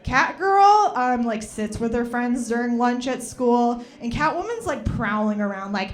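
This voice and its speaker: A young woman doing stand-up, rambling and chatty and packed with fillers. Her voice sits a bit high and bounces around a lot, as if she is riffing live. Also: animated, unhurried, hardly any pauses, soft background music. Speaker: stand-up comedian. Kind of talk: stand-up comedy set.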